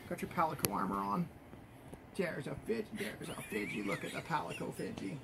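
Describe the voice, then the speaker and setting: A woman's voice: fairly low pitch, normal speed, gravelly. A woman at home talking to her cat while dressing it up, coaxing and teasing in a playful baby-talk way. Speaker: pet owner filming her cat. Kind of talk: casual chat to a pet. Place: home, indoors. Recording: home video with noticeable background noise.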